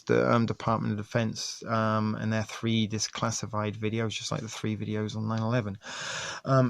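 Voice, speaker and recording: A man reading articles aloud and commenting in a casual, halting way, with many ums and restarts. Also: fairly low pitch, gravelly, dry recording. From England. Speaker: video host.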